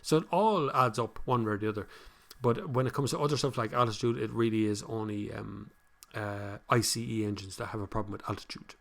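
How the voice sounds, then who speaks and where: Older Kildare Irish man hosting a live stream, blunt and animated when giving advice. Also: on the low side, fairly quick, creaky. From Ireland. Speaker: host reading viewer comments. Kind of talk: casual live-stream chat.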